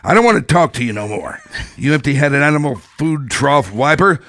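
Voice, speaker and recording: A man's voice: sits high, big pitch swings, measured pace, vocal fry, a bit bright, clear, resonant tone, full character voice. An older man playing a rude, sneering French castle guard, reading taunts from a script in a podcast studio. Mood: taunting. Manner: mocking taunts read off a script.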